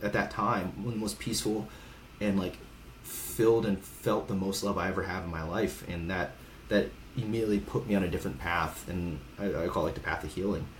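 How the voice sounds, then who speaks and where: A deep-voiced man in his thirties, originally from Hawaii, talks fairly quickly as a veteran podcast guest. His conversational storytelling is candid, casual and frank, with occasional swearing and acted-out quoted voices. There's slight background noise, and the room echoes.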